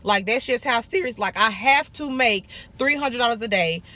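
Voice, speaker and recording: Bright, sassy woman vlogging. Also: a little high, moderate pace. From Arkansas, USA. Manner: blunt, sassy, profane, calls viewers honey and baby. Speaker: esthetician vlogger. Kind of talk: casual business advice vlog.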